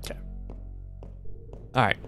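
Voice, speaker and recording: A man streaming a horror game, thinking aloud to himself and reacting in a jumpy, excitable way. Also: a little slow, faint music behind. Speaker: gaming streamer. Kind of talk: let's play commentary.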